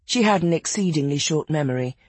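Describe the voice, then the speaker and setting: A narrator reading a literary novel aloud in an expressive, measured audiobook style. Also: mid-range voice, husky, dry recording.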